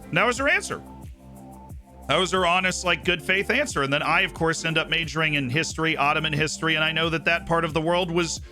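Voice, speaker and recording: Bright-voiced chatty American man. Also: fairly high pitch, quick pace, faint music behind. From Tampa, Florida. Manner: rambling, chatty, many asides and "right?" tags. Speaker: streamer. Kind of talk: casual chat while streaming a football management game.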